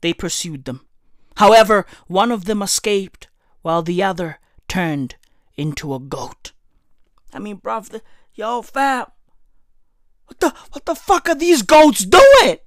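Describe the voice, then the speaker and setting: A woman delivering a loud, profane comedic rant that keeps breaking into shouts. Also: medium pitch, animated, a little slow, pauses often, no echo, studio quality. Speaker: vlogger.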